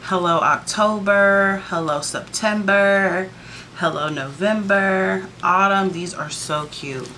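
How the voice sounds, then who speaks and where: A woman's voice: medium pitch, slow pace, sharp tone, slight background noise. A woman vlogging a casual sticker book flip-through, chatty and gushing, with sassy playful asides to her viewers.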